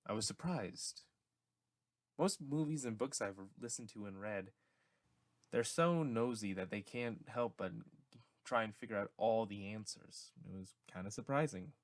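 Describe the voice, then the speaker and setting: A young man narrates his own story as an audiobook, loosely and casually, often stammering and restarting. His voice sits on the low side. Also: measured pace, no room sound, studio quality. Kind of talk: first-person audiobook narration.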